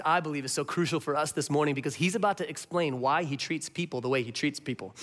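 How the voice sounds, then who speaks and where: A male pastor giving a sermon as an animated storyteller. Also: fairly high pitch. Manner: animated storyteller with big swings in voice.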